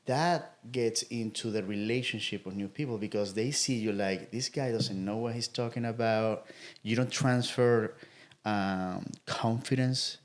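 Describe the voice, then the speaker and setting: Man, co-hosting. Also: fairly low pitch. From Latin America. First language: Spanish. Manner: repeats words, frequent "right?" tags. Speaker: podcast co-host. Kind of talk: casual conversation.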